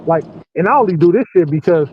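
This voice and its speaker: A man in his forties with a high voice spins a profane, animated story in casual chat. He laughs often. The sound is muffled and lo-fi, with a faint hiss. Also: quick pace. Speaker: podcast host working night security patrol.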